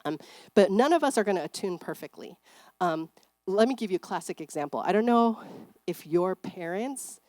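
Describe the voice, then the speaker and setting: A middle-aged woman giving a church seminar talk on parenting, chatty and animated, acting out parents and kids in bright voices. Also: medium pitch, moderate pace, no room sound. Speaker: seminar speaker.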